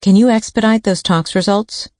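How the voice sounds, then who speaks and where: A woman's voice: medium pitch, steady tone, moderate pace, darkish tone, no echo, clean studio sound, pitched above the performer's own voice, natural voice. A woman reading an audiobook, voicing a determined woman investigator who speaks urgently and firmly. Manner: urgent, firm, persuasive. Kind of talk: audiobook character voice.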